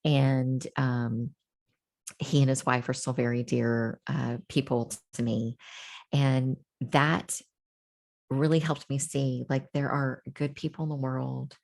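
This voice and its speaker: A middle-aged woman speaks as an interview guest, telling her own story in a candid, reflective way. Her voice sits very low with a gravelly fry. She pauses often and restarts her sentences. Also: steady tone, darkish tone.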